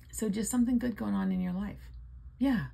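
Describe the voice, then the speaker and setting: A woman's voice: mid-range voice, creaky, mellow, breathy edge. An older woman casually chatting and reading out numbers while scratching lottery tickets, playful and sleepy. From Florida. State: sleepy, yawning.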